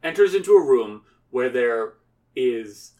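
A man co-telling an improvised story, narrating with pauses and restarts. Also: mid-range voice, expressive, mellow, distant mic.

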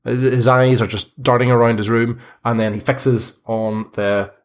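A man narrating a tabletop game as game master, talking in a halting way with many fillers and restarts. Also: medium pitch, level tone.

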